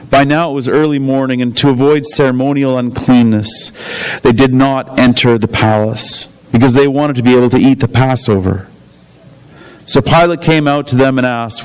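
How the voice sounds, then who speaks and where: A man reads a scripture passage aloud in a steady, clear way. His voice sits at an ordinary middle pitch. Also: normal speed, rough recording. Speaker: scripture reader. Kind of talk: Bible reading.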